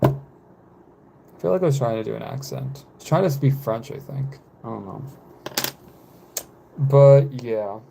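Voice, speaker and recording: A man in his twenties, chatting casually on a live stream, rambling with frequent fillers and halting pauses. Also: mid-range voice, expressive, vocal fry, warm tone, a little hiss or hum. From United States. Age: 20s.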